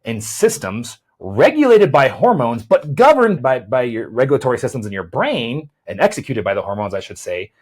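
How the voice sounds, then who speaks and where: A man with a husky, slightly breathy voice hosts a health podcast and explains his approach as a chiropractor and weight loss coach. He talks things through out loud, often restarting with repeated words and tagging "right?" onto his points. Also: fairly high pitch. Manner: repeats words while thinking, often adds a questioning "right?".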